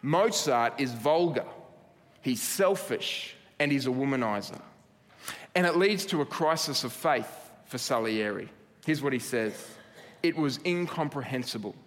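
A man's voice: mid-range voice, lively intonation, measured pace, a bit bright. A man preaching a sermon in an earnest way, building emphasis through repeated phrases. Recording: long hall reverb.

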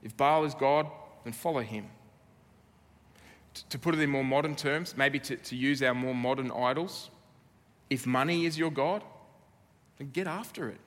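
Australian pastor, earnest emphatic sermon delivery, long church-hall reverb. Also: male voice, mid-range voice, a bit bright. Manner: earnest, emphatic preaching with dramatic pauses.

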